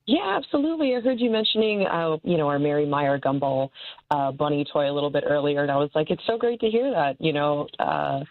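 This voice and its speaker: A woman's voice: low voice, brisk, no echo. A young woman working as a toy store assistant manager, talking upbeat with many fillers as a radio guest on a call line. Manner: upbeat, lots of fillers and laughs. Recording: tinny phone-like call line.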